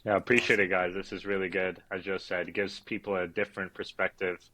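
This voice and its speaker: Low, bright-voiced male referee guest. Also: fast, rough recording. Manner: calm, reflective, laughs easily. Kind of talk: casual interview chat.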